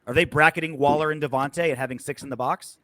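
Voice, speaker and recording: A man's voice: a little high, steady tone, fast, sharp tone, no echo. A man co-hosting a casual sports podcast, loose and sarcastic, with lots of fillers and swearing. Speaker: podcast co-host.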